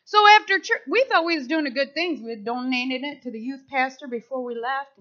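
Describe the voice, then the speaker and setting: A middle-aged woman giving a sermon, telling personal stories in an animated way and acting out the voices of people she quotes. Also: sits high, brisk. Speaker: speaker at church service. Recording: slightly dull lo-fi sound.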